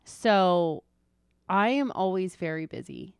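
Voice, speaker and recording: A woman in her thirties speaks earnestly on a faith podcast, telling personal stories. Her voice sits a little low, recorded close and dry. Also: takes it slowly, clear, resonant tone, no room sound. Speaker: podcast co-host. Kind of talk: casual faith podcast chat.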